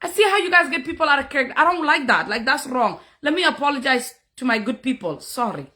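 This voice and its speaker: A woman's voice: high voice, animated, fast talker, sharp tone. A woman streaming live as a content creator, scolding commenters in a heated rant and switching between English and another language. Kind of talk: angry livestream rant at commenters.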